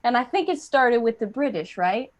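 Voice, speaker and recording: A woman's voice: a little high, animated, normal speed, highs cut off. A young woman performing a playful stand-up set over a video call, slipping in and out of silly accents. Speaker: stand-up comedian. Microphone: computer mic on a video call.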